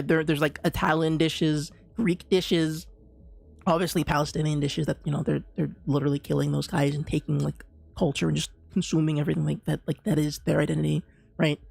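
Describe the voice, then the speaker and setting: Gravelly ranting streamer. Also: medium pitch, dry recording. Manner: ranting, repetitive restarts, slangy. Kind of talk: casual live gaming stream chatter. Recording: dry close mic with faint game music.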